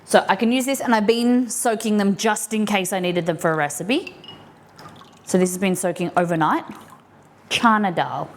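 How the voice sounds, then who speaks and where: An Australian woman cooks live in her home kitchen, chatting away to herself and to the food as she goes. She talks casually and breaks into excited squeals now and then. A faint background hum sits under her voice. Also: medium pitch, moderate pace. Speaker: cooking live-streamer. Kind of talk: casual live-stream cooking chat.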